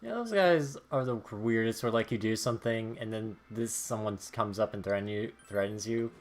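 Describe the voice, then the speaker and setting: A man's voice: lowish voice, normal speed. A man co-hosting a casual gaming stream, speaking in a laid-back and hesitant way.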